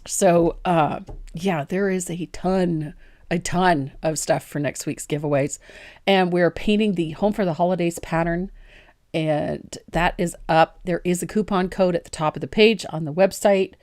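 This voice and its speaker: A woman's voice: on the low side, measured pace, a little mellow. Chatty woman teaching painting live. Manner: chatty, laughs easily, self-deprecating.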